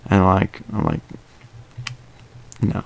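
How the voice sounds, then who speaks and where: A man's voice: takes it slowly, darkish tone, dry recording. A young man hosting a casual podcast, rambling with lots of fillers and restarts. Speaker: podcast host.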